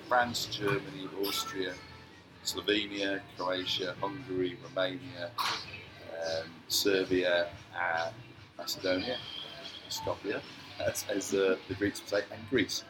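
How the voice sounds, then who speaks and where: A man's voice: low voice, steady tone, slow pace, over loud music, low-quality recording. A man from Scotland, a podcast guest talking casually and earnestly in a cafe, with many hesitant fillers. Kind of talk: casual interview.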